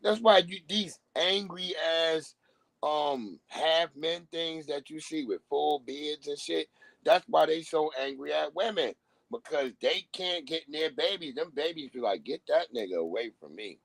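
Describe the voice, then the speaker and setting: A man's voice: a little high, unhurried, gravelly, fairly bright tone, no echo, low-quality recording. A man on a live stream, ranting bluntly in casual talk and acting out the voices of people he quotes. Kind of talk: casual profane rant.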